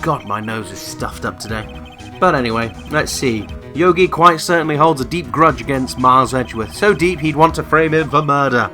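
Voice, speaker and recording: Over background music, a man with a mid-range voice plays a video game as a let's player. His commentary is sarcastic and full of swearing, mocking what he sees with drawn-out asides.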